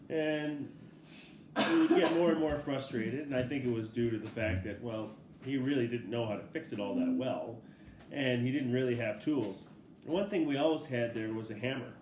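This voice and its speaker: A middle-aged man, a father, casually telling a family story in a relaxed, rambling way, laughing often as he goes. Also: medium pitch, a little hiss or hum. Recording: roomy echo.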